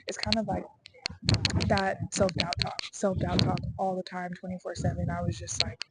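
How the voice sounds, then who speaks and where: A woman's voice: on the low side, little pitch movement, moderate pace, very noisy. A young adult woman talking through her doubts in a rambling, earnest personal vlog, her delivery swinging to emphatic bursts. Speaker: vlogger.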